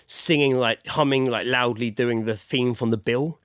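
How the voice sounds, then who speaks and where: A man's voice: mid-range voice, fairly even intonation, moderate pace, smooth, no room sound, studio quality. A young man telling a story on a podcast, laughing and swearing. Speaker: podcast co-host. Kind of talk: casual chat, storytelling.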